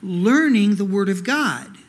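A man's voice: high voice, animated, slow pace. A male pastor preaching a sermon in a conversational way, asking rhetorical questions and using many "you know" fillers.

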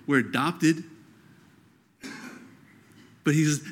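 A man preaching a sermon, earnest and conversational, reading scripture and breaking into animated quoted outbursts. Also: on the high side, moderate pace, pauses often. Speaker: pastor.

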